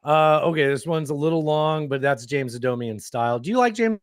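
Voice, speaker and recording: A man hosting a casual comedy podcast, animated and jokey. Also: fairly high pitch, fairly quick, smooth, no room sound, studio quality. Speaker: podcast host.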